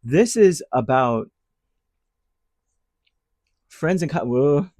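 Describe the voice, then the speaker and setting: A man giving a casual tarot reading, chatty and animated, full of fillers and restarts. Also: fairly high pitch, drawn-out words, no echo, studio quality. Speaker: tarot reader.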